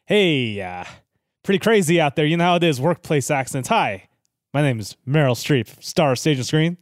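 A man's voice: on the high side, expressive, moderate pace, dry recording, studio quality, natural voice. Man doing a schmoozing movie star. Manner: schmoozing, playful. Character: smooth-talking movie-star player character.

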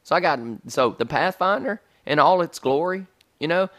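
A man with a drawl holds the floor in relaxed banter, his pitch rising and falling in lively swings. He leans hard on words for emphasis and gets loud when making a point. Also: moderate pace. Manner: animated storyteller, loud bursts of emphasis. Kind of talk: casual chat.

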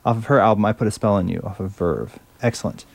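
A man's voice: fairly low pitch, quick pace, gravelly, darkish tone, breathy edge, dry recording. A male radio host chatting casually between songs, enthusiastic and fumbling a little over French words.

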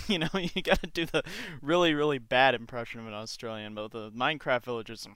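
A man's voice: mid-range voice, quick pace, hardly any pauses, bright, forceful tone, smooth. A young man hosting a casual podcast chat, joking and ironic, often laughing. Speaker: podcast host.

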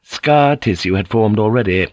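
Low-voiced man narrating an audiobook. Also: lively intonation, normal speed, dry recording.

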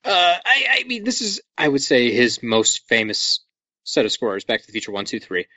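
A man's voice: mid-range voice, huge pitch swings, moderate pace, sharp tone, no room sound. A man co-hosting a podcast, chatting casually and enthusiastically about a movie, with some swearing and joking. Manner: enthusiastic, profane, jokey. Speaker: podcast co-host. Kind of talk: casual movie commentary chat. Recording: dull lo-fi dry sound.

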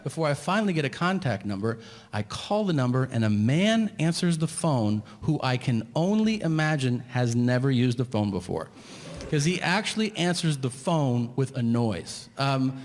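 A man's voice: medium pitch, sing-song, normal speed. Exasperated man doing stand-up in a hall. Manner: exasperated, profane, acts out the people in his story. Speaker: stand-up comedian. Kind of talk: stand-up storytelling. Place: theater stage before a laughing crowd. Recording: live hall with long reverb, faint noise.

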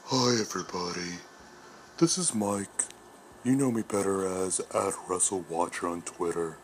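A man voicing his own laid-back weekend alter ego in a recorded message, with a slow, mock-earnest confession. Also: sits low, slight background noise.

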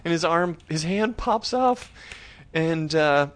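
A man co-hosting a podcast, recapping an episode in casual chat, animated and joking. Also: on the high side, slow, a little hiss or hum. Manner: animated, joking, acts out scenes with voices. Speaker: podcast co-host.

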